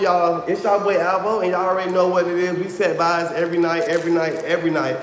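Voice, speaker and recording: High-pitched guy chatting on his live stream, keeps saying y'all, echoey room w a long ring. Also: little pitch movement, quick pace, a little hiss or hum. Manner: chatty, repeats himself, addresses viewers as y'all. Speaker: livestream host. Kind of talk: casual livestream chat.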